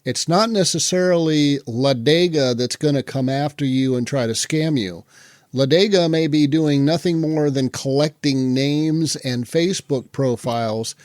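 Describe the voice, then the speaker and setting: A man co-hosting a podcast in casual chat, easygoing and quick to chuckle and agree. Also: fairly high pitch, darkish tone, no echo, clean studio sound. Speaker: podcast co-host.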